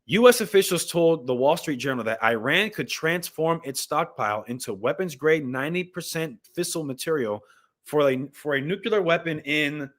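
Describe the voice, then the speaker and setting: A man with a fairly bright voice on the high side hosts a live stream as a Bible commentator. He reads news and scripture aloud and comments with passion, talking straight to his viewers in an impassioned way.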